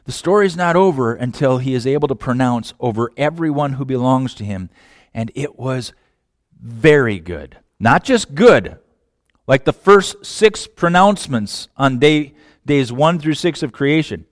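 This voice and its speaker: Impassioned male preacher, hushed to loud. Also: mid-range voice, lively intonation, moderate pace, no echo, studio quality. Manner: impassioned, rhetorical questions, swings from hushed to loud. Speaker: pastor. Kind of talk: sermon.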